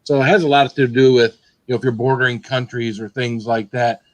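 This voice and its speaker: A man chatting casually, explaining things in a relaxed way. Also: mid-range voice, a little fast, dry recording, rough recording. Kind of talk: casual chat. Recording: dry close sound.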